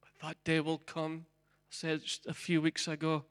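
A man preaching a sermon as a pastor. He swings between loud, forceful preaching and soft, whispered pleading. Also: fairly high pitch, completely flat delivery, a little slow, clean tone. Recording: long hall reverb.

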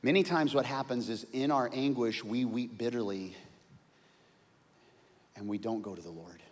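A man preaching a sermon in an animated way, acting out the voices of the people in his story. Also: medium pitch, moderate pace, in a large hall. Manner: animated, acts out quoted voices. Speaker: pastor.

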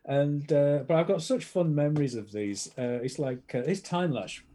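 A man's voice: a little high, moderate pace, mellow. A man chatting as a podcast guest, enthusiastic and rambling with plenty of fillers. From Britain. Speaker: podcast guest, film collector. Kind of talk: casual chat.

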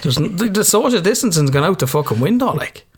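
A man's voice: high-pitched, very animated, fast, slightly rough. An Irish man in casual chat as co-host, swearing freely and laughing often.

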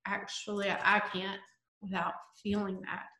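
Middle-aged female guest, halting, drops to murmurs, echoey room. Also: medium pitch, little pitch movement, sharp tone. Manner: halting, breaks off mid-sentence, voice drops to near murmur. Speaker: guest, poet and mother. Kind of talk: emotional conversation.

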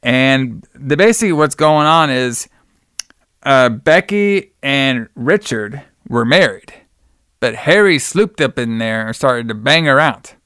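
Male podcast host, smooth clear voice, dry close sound, loose chatty plot recap. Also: mid-range voice, expressive, slow pace, fairly bright tone, no echo. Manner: loose retelling, acts out quotes in plain voice, calls cohost brother. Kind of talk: casual movie recap chat.

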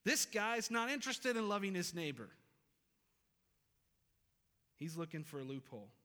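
A man's voice: sits high, big pitch swings, moderate pace, bright, forceful tone. A man in his thirties preaching a sermon as pastor in a church, earnest and emphatic, repeating key phrases. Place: church sanctuary. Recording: reverberant hall.

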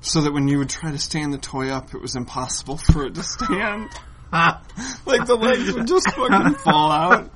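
A man's voice: a little high, moderate pace, over a noisy crowd. Profane, laughing man on a podcast. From Irish heritage in the US. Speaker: podcast co-host. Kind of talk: casual comic-book podcast chat.

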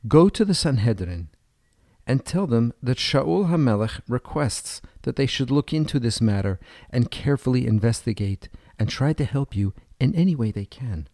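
A man voicing a merciful king who speaks in a measured, regal way. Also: medium pitch, animated, mellow, dry recording, clean studio sound. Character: merciful male king, commanding.

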